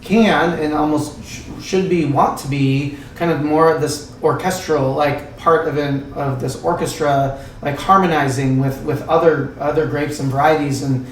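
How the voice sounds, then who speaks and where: A man who works as a winemaker talks in a rambling, casual way full of fillers and restarts, with a croaky throat. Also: a little high, steady tone, unhurried, hardly any pauses, slight background noise. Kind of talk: casual podcast chat. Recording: roomy sound, distant mic.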